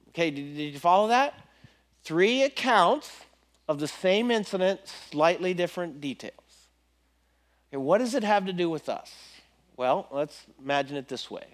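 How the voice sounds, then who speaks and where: A male preacher gives an animated, conversational sermon, repeating his questions to his listeners. His voice sits high and moves with lively swoops. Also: moderate pace.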